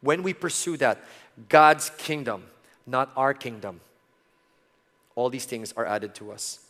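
A middle-aged man preaching a sermon, earnest, moving from loud emphasis to soft, intimate tones. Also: mid-range voice, lively intonation, measured pace. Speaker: pastor. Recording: long hall reverb.

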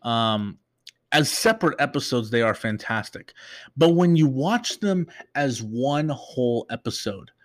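A man's voice: medium pitch, animated, unhurried. A young man hosting a casual recap show, talking in a loose, rambling way with many fillers and restarts. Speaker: podcast host.

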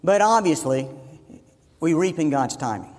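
A pastor delivers a sermon in a voice that sits high for a man, pressing each point by repeating it. His words ring out in a church sanctuary with a long reverb trailing behind them. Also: animated, unhurried, a little mellow. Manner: emphatic, repeats phrases for emphasis.

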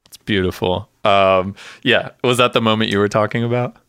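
A man co-hosting a podcast, chatting casually and acting out TV scenes with quick voices. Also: lowish voice, clean tone, no echo, clean studio sound. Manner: animated, acts out scenes with voices. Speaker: podcast co-host. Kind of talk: casual chat recapping a TV episode.

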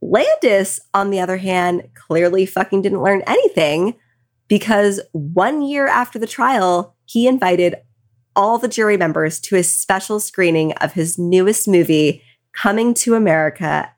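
A woman's voice: medium pitch, animated, unhurried. A tipsy woman co-hosting a podcast, retelling a true crime case casually with angry asides. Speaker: podcast co-host.

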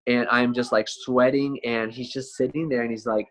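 Male interview guest, mid-pitched, relaxed testimony delivery, lots of fillers and self-corrections. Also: moderate pace. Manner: conversational, frequent "man" and "like", repeats and restarts words. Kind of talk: casual personal testimony.

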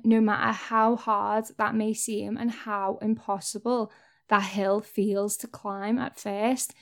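Earnest young woman talking candidly. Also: mid-range voice. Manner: candid, earnest, occasional swearing. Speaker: vlogger. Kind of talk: personal talk to camera.

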